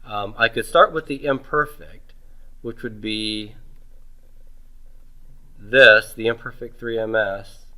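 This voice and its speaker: A middle-aged man teaching Hebrew grammar in a homework review lecture. He asks questions and answers them himself, drawing out words slowly. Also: fairly low pitch, pushed and bright, poor audio.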